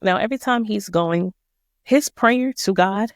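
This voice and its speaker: A woman's voice: mid-range voice, a little slow, dry recording, clean studio sound. A woman hosting a podcast, walking listeners through a Bible passage in a casual, slangy, emphatic way. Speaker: podcast host. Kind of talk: casual Bible study talk.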